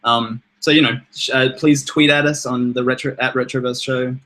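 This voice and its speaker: A man's voice: medium pitch, steady tone, normal speed, bright, forceful tone, rough recording. Young male co-host, easygoing and profane, mid-range voice. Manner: laid-back, swears casually, laughs often. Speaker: podcast co-host. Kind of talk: casual chat.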